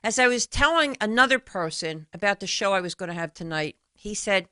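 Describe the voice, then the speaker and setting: Bright-voiced woman talk show host. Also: medium pitch, lively intonation, brisk, no echo. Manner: chatty storyteller who retells conversations. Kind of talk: solo radio talk show monologue.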